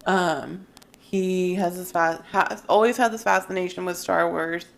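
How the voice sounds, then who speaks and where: Gravelly-voiced woman telling stories. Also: lowish voice, unhurried. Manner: animated storytelling, swears freely. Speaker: podcast co-host. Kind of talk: casual chat.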